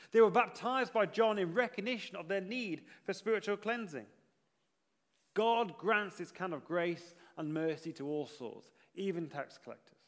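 A man preaching a sermon in an earnest manner, rising to emphatic repetition and then dropping low. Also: long reverb tail.

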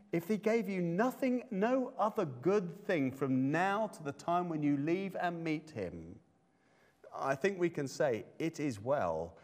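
A man's voice: high-pitched, darkish tone. A man preaching a sermon, reflective and repeating phrases for emphasis.

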